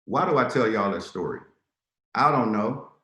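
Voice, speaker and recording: A man's voice: fairly low pitch, expressive, normal speed, bright, forceful tone, echoey room. A man giving a motivational sales talk on a video call, telling stories and acting out dialogue in quotes. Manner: storytelling, acts out dialogue in quotes. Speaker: speaker on a business call.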